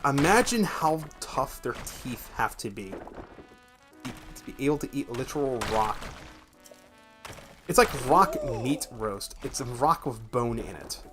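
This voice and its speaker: A young man with a gravelly voice, streaming a game from home and chatting in a rambling, profane way. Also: medium pitch, very animated, unhurried, pauses often, fairly bright tone, faint music behind. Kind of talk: casual gameplay chat.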